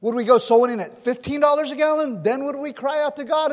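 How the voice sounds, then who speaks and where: Pastor, male, high-pitched, folksy sermon delivery, live hall reverb. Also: quick pace. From California. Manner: folksy preaching with stories and rhetorical questions.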